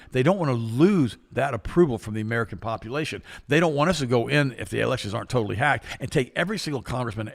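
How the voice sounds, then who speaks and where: A man's voice: medium pitch, creaky, fairly bright tone, in a large hall. A man co-hosting a talk show, speaking in an emphatic, impassioned way and often repeating himself. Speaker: co-host. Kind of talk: casual talk-show commentary.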